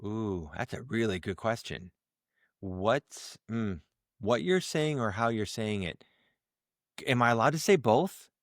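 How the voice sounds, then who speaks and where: A man guest on a podcast, talking in a casual interview, animated and full of restarts and repeated words as he acts out tones to make his point. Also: fairly low pitch, unhurried, no room sound, studio quality. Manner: animated, explains through examples and acted-out tones. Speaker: guest, leadership communication coach.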